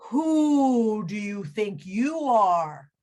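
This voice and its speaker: A woman voicing a large, wise, commanding owl that speaks in slow, hooting tones for a children's story. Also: mid-range voice, very animated, darkish tone. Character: wise, commanding great horned owl, male.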